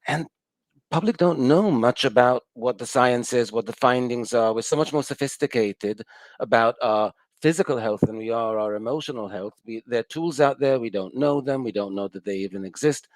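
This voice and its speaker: A man's voice: mid-range voice, moderate pace, dry recording. A man from the UK with a mixed British and American accent, a psychologist guest explaining things in a wry, thoughtful way. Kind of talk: conversational interview.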